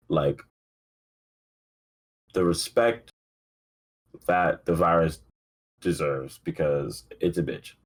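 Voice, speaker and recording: In a bass voice with a slightly mellow quality, a young man talks sports on his casual solo podcast. He sounds sleepy and yawns often, rambling in a laid-back, profane way, full of fillers and offhand remarks.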